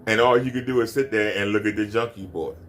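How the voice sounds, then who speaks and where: A man's voice: fairly low pitch, fast, fairly bright tone, soft background music. Man ranting in a mocking, repetitive way. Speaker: commentary streamer. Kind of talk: ranting commentary.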